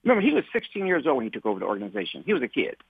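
A man's voice: medium pitch, wildly swooping pitch, racing, creaky, husky, no echo. A man, a civil rights activist, telling a long story in an interview. He repeats and restarts his words and acts out the lines other people said to him. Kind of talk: conversational storytelling. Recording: tinny phone-like line, dry.

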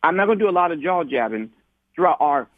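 A man's voice: on the high side, lively intonation, quick pace, no room sound. A man, a civil rights activist, telling a long story in an interview. He repeats and restarts his words and acts out the lines other people said to him. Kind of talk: conversational storytelling. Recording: tinny phone-like line, dry.

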